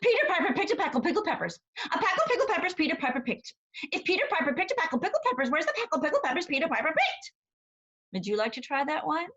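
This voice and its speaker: A woman playing a cheerful, motherly Mother Goose from the storybook, with a high, bright voice that lilts along in sing-song. She coaxes young listeners to join in and slips easily into sung nursery rhymes. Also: animated, dull audio. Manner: sing-song, warmly coaxing, addresses children directly; sings and recites rhymes, rapid tongue twisters. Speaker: children's library performer. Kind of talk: interactive nursery-rhyme show for children.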